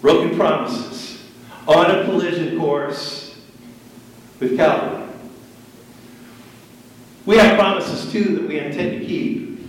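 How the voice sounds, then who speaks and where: A man's voice: fairly high pitch, slow pace, long pauses, slight background noise. A man preaching a sermon as pastor, building intensity with repetition. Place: church sanctuary. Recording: echoey room from far off.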